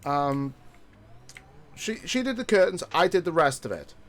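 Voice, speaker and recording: A man's voice: a little high, big pitch swings, measured pace. A man streaming a game, telling a story in a ranting, profane way. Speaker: gaming streamer. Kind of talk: casual gameplay chat.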